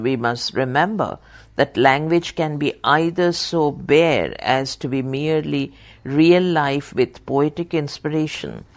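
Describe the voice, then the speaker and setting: A reader voicing a study text aloud for blind listeners, carefully calling out every punctuation mark and correcting slips. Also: mid-range voice. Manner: reads punctuation marks aloud, careful and deliberate.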